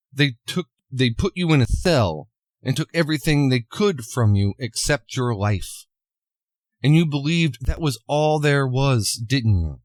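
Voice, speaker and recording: A man voicing a calm, solemn masked male vigilante, speaking in a measured, earnest way. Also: mid-range voice, dry recording, natural voice. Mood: urgent.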